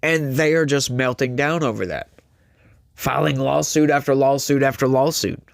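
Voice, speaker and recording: A man's voice: mid-range voice, normal speed, gravelly, no echo. Sarcastic male political commentator, dry sound. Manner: sarcastic, mocking, exasperated; reads news excerpts aloud between remarks.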